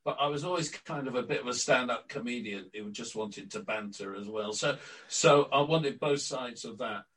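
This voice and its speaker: An older man, a guest on an interview podcast, telling lively stories from his career and acting out quotes. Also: mid-range voice, moderate pace, few pauses, distant mic, poor audio. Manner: lively raconteur, acts out quotes. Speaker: interview guest, former club announcer. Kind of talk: anecdotal storytelling.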